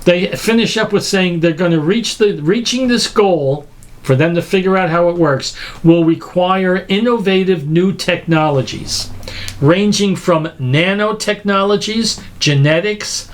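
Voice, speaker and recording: A man giving an animated lecture, emphatic and incredulous, acting out everyday examples as he goes. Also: high-pitched, unhurried. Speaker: speaker teaching a lecture series.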